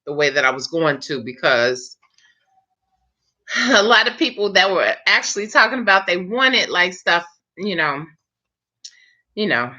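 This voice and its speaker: A lower-pitched woman with a bright, forceful edge to her voice, hosting a relaxed live chat with her viewers. She chats freely and laughs often. The stream audio sounds dull and lo-fi. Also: measured pace, pauses often. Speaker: live chat host, hairstylist.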